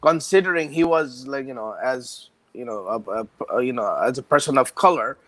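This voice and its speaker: A man's voice: medium pitch, moderate pace, a bit bright. A man co-hosting a casual podcast, hesitant and full of fillers. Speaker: podcast co-host. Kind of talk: casual chat.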